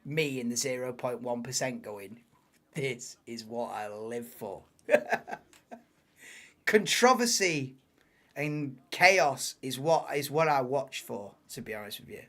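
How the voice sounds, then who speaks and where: A man's voice: mid-range voice, lively intonation, measured pace, a bit bright. A man hosting a live watchalong, casual banter-heavy commentary that swears and laughs at his own jokes.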